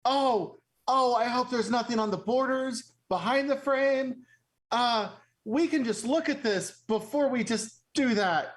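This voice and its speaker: A man voicing an anxious, fussy male tinkerer who stammers and pleads in a hurried way in a tabletop game. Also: sits high, expressive, voice pushed up. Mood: worried.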